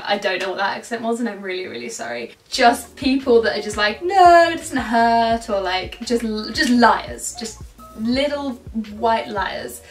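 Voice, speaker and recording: A young woman giving chatty, self-mocking advice to camera in a vlog. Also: on the high side. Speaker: vlogger. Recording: echoey room, mic at a distance, faint music.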